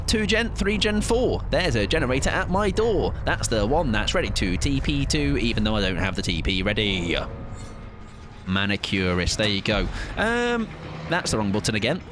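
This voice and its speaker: A man talks casually while streaming a game, joking and swearing freely. His pitch swings widely from low to high. A steady background hiss is audible. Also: normal speed. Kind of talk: casual gaming stream chat.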